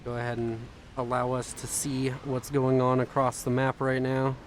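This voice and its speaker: A young man casting a strategy video game with quick, chatty, self-mocking commentary, sounding tired. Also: medium pitch, monotone, a little hiss or hum. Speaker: game caster.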